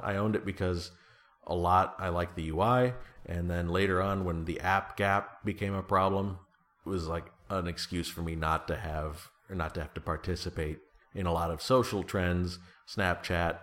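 Low in pitch yet fairly bright in tone, this man's voice carries a casual podcast chat. He's a co-host in his thirties, rambling and making self-deprecating jokes.

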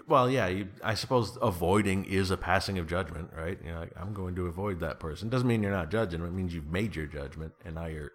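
Talking fairly quickly with few pauses, this man in his thirties has a low-pitched voice. He's a podcast co-host in casual chat, rambling, joking, and self-deprecating.

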